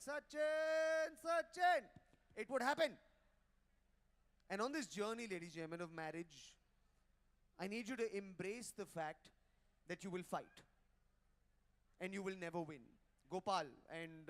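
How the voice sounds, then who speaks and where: Male stand-up, high voice, teasing crowd work at a hotel ballroom event. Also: fairly bright tone. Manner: brash, teasing, crowd-roasting. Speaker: stand-up comedian. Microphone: handheld mic.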